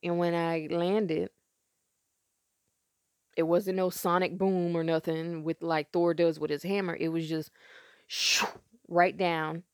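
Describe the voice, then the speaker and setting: A woman's voice: fairly low pitch, level tone, slow, long pauses, clear, resonant tone, no room sound, studio quality. A congested woman, telling a spiritual story in a loose, rambling, conversational way as a podcast host.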